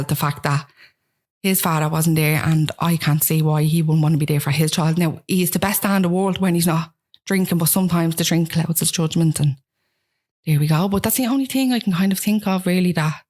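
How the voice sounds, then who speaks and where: A young woman with a Dublin accent, speaking frankly as an interview guest about family, in a chatty conversational way. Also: fairly low pitch. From Ballymun, Dublin, Ireland. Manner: frank, with frequent "like" and restarts. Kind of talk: candid conversational storytelling.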